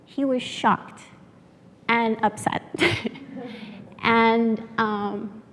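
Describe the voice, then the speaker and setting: A woman from San Antonio, Texas, telling a personal story as a workshop speaker. She speaks from the heart and pauses with fillers. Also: on the high side, long reverb tail, a little hiss or hum. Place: lecture room at a workshop.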